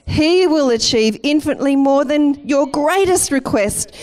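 A middle-aged woman, a campus pastor giving a lively, playful welcome and sermon in church. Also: high voice, moderate pace. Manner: chatty and playful, laughing at herself. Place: church auditorium.

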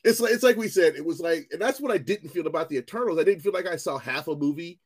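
Animated, profane man chatting on a podcast. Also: on the high side, fast. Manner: animated, profane, rambling with restarts. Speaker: podcast co-host. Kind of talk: casual chat.

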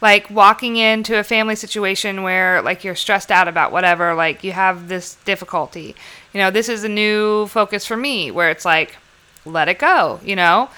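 A woman's voice: medium pitch, moderate pace, bright, forceful tone, clear, resonant tone. A woman in casual conversation, telling candid stories and swearing freely. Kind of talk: casual chat.

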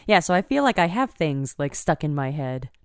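A woman's voice: low voice, very animated, moderate pace, clean tone, dry recording, studio quality. A woman co-hosting a podcast in casual chat, playful and giggly with quirky asides. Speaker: podcast co-host.

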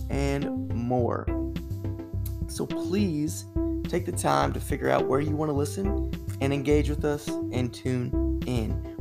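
A man's voice: on the high side, creaky. A young man co-hosting a casual podcast, upbeat and chatty, apologizing to listeners. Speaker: podcast co-host. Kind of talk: casual chat. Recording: guitar music behind.

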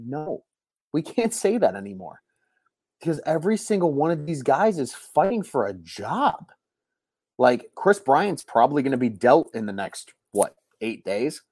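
A man's voice: medium pitch, very animated, a little slow, breathy edge, no echo. A young man hosting a late-night live stream from home, keeping his voice down so he won't wake the household, rambling and repeating himself as a frustrated fan. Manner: hushed voice to avoid waking people.

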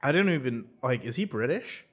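Excitable young man chatting movies. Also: medium pitch, a little fast, husky. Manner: excitable, rambling, laughs often. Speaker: podcast co-host. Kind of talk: casual chat about movies.

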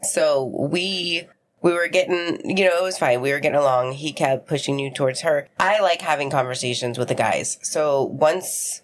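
A woman's voice: low-pitched, moderate pace, slight background noise. Blunt, swearing woman co-host. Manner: blunt, profane, laughs often, acts out quotes. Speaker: podcast co-host. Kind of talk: casual chat.

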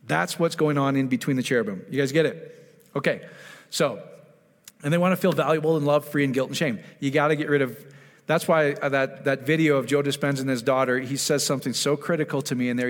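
A man preaching a conversational sermon, animated, often asking the congregation questions and acting out quotes. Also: medium pitch, long reverb tail. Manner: animated, asks the audience questions, acts out quotes. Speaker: pastor.

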